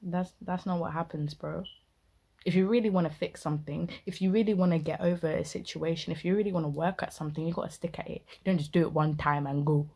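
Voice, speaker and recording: Husky, ranting woman. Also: sits low, fairly even intonation, fast, darkish tone. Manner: indignant, ranting, heavy slang. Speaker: reaction video host. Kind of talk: casual reaction commentary.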